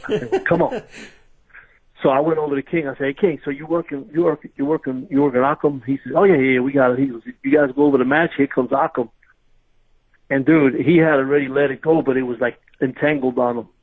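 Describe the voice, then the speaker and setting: A man's voice: mid-range voice, fast talker. A man, a former pro wrestler, telling backstage stories in a casual interview, laughing as he goes. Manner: animated storyteller, laughing through his stories. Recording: tinny phone-line audio.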